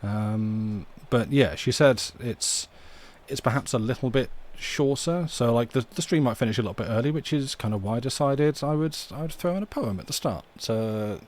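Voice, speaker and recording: Guy hosting a chill reading stream from home, soft and chatty, kinda rambly. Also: mid-range voice, normal speed, few pauses. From United Kingdom. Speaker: livestream host. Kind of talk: casual livestream chat and poem reading. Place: home room.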